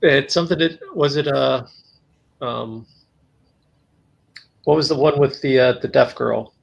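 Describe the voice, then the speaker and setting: A man co-hosting a podcast in casual chat, talking in a hesitant, halting way. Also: mid-range voice, vocal fry, highs cut off. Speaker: podcast co-host.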